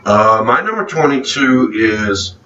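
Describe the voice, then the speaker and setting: A man from South Louisiana co-hosting a casual movie chat, relaxed and opinionated, chuckling often. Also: medium pitch, slow pace. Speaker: co-host of a movie review show. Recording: roomy, distant, dull, faint background hiss.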